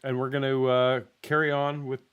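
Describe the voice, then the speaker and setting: A man hosting a podcast, speaking in a relaxed, easy way while he sets up a clip. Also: medium pitch, normal speed, a crowd in the background. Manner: relaxed listener, short replies. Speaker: podcast host. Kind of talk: casual chat.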